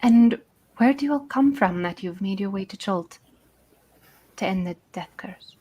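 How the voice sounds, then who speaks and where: A woman's voice: mid-range voice, expressive, measured pace, dull audio, background noise, lightly acted. Woman putting on a courteous British jungle guide. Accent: British, put on. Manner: courteous, formal phrasing. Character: gracious female jungle guide, formal and warm.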